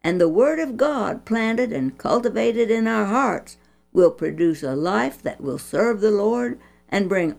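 Woman storyteller, slow and gravelly, lively pitch, soft music behind. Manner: expressive, preachy. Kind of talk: Christian children's story reading.

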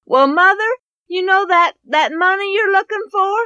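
A woman's voice: very high voice, normal speed, pushed and bright, no room sound, muffled recording, pitched above the performer's own voice. A woman doing a stammering timid son. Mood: nervous. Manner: hesitant, stammering.

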